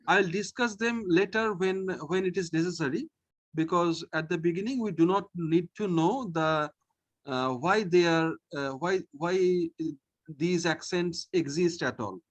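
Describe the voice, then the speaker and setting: A man leads an online French lesson, taking it slow and repeating each sound for his pupil. His pitch swings widely as he explains, and his voice carries a faint husky edge. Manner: slow, patient, repeats each sound, often says okay. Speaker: French teacher.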